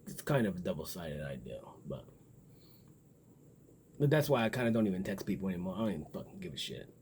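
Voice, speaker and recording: A man's voice: sits low, sing-song, fast talker, a little mellow, slight background noise. A man talking in a casual, rambling monologue, blunt and profane as he muses aloud. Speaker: vlogger.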